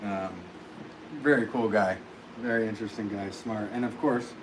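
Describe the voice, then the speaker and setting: A man's voice: lowish voice, fairly even intonation, normal speed. A man who is a potter, chatting casually on a livestream from his pottery studio, rambling with many ums and restarts. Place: pottery studio with fans running. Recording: clear fan noise behind the voice.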